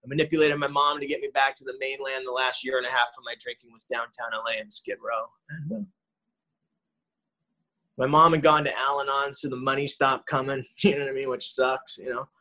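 A man's voice: medium pitch, steady tone, fairly quick, sharp tone, low-quality recording. A man sharing his own recovery story in a conversational way, often adding "man" and "you know". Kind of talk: recovery talk testimony.

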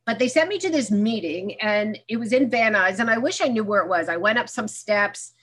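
Bright-voiced woman telling her story frankly. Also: mid-range voice, lively intonation, fairly quick, slightly rough. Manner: frank storytelling, acting out remembered dialogue with self-mocking humor. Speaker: speaker sharing her story at a recovery meeting. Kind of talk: candid personal testimony.

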